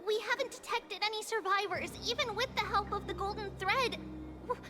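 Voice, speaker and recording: An actress voicing a gentle, earnest young woman healer with a British accent in a video game. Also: extremely high pitch, brisk. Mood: worried. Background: game music.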